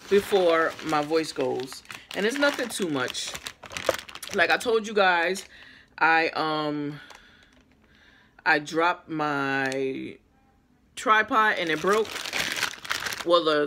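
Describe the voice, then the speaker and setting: Her voice is deep, and background noise can be heard. Still losing her voice, this female vlogger keeps up a chatty unboxing vlog for her viewers, addressing them as guys, filmed by a camera set on a small tripod.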